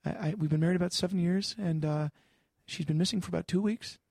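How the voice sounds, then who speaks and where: A man voicing a nervous, distraught husband calling in to a radio show, stuttering and halting as he talks. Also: high-pitched, steady tone, vocal fry, a little mellow, no echo, clean studio sound, voice pushed up. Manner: stuttering, halting, many repeats. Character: stammering nervous male caller, distraught husband. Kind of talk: improvised comedy role-play.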